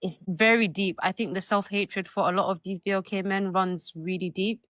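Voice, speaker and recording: A woman from the UK on a live online panel, speaking fluently and bluntly in a measured way. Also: mid-range voice, steady tone, fairly bright tone, no echo. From United Kingdom. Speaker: panel guest.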